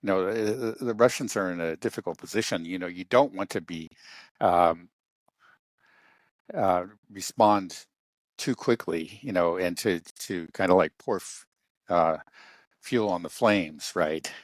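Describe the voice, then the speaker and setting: A man talking through a casual political discussion, halting often with fillers and restarts. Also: sits low, no echo.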